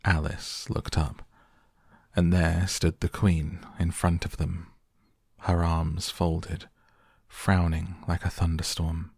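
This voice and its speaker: A man narrating a storybook in a soft, slow, calm bedtime manner. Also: deep voice, creaky, husky, dry recording, studio quality. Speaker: audiobook narrator.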